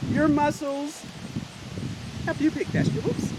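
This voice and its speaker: An animated woman gives a health and fitness lesson to children, stressing words and asking them questions directly. Her voice sits a little high. A steady hiss runs under the recording, which was made outdoors. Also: unhurried. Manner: animated, emphatic, addresses kids directly. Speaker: health and physical education teacher.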